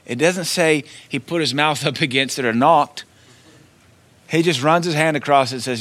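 A man preaching a sermon in a loose, conversational way, swinging between quiet asides and loud declarations. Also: a little high, moderate pace. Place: church.

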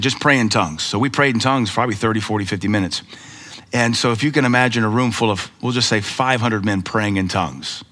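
A middle-aged American man, a pastor, preaching a sermon with lively storytelling and rhetorical questions. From United States. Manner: animated storytelling preacher, rhetorical questions, voices pitch up for emphasis.

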